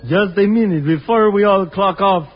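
An actor with a mock Spanish accent playing a grandiose revolutionary general in a 1950s radio comedy, speaking slowly and pompously. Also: male voice, high voice, lightly acted. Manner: slow, pompous. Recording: noisy lo-fi vintage radio recording.

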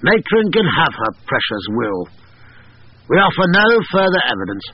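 A man voicing a smooth, ingratiating male barrister with a genteel, clubby manner. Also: fairly high pitch, big pitch swings, normal speed, highs cut off, pitched above the performer's own voice.

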